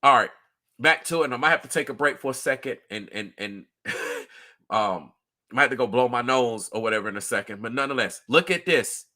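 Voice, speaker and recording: Bright-voiced man streaming commentary. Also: mid-range voice, lively intonation, a little fast. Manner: emphatic, earnest, repeats himself; talks directly to viewers. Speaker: livestream host. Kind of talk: livestream commentary.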